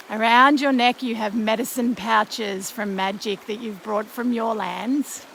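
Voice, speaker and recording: A woman leading an outdoor ceremony by a creek, speaking in a slow, gentle, soothing way, a little croaky. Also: on the high side, slight background noise, low-quality recording. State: slightly croaky. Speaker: ceremony leader. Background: flowing stream.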